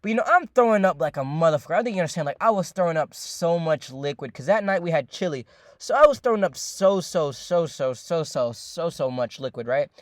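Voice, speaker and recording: A young man telling a long, rambling story in a casual, profane way, full of fillers and repeats, often addressing his listeners as ladies and gentlemen. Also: fairly high pitch, lively intonation, a little fast, dry recording, studio quality.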